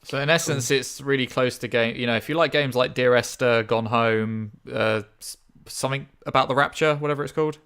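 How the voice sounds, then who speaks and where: A man's voice: mid-range voice, fairly even intonation, a little fast, a bit bright, clear, resonant tone. A man co-hosting a gaming podcast, blunt and teasing, with some swearing in casual chat. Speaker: podcast co-host.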